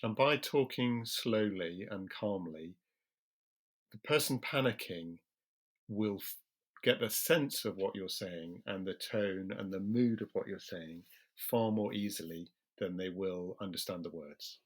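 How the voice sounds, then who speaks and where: A British man, a general practitioner, explaining things in a calm, measured way during an interview and slowing his speech on purpose. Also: low voice. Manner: calm, measured, slows deliberately for emphasis.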